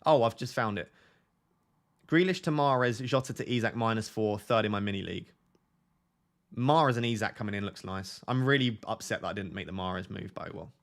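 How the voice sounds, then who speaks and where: A man's voice: fairly low pitch, a little fast. A man hosting a casual fantasy football live stream, reading viewer comments aloud and joking and laughing with them.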